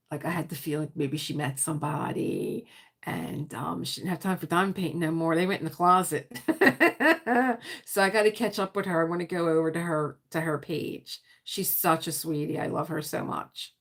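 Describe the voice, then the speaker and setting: A woman with a South Philadelphia accent hosting a casual livestream chat, rambling with quick asides and laughter. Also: low-pitched, a bit bright. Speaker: livestream host.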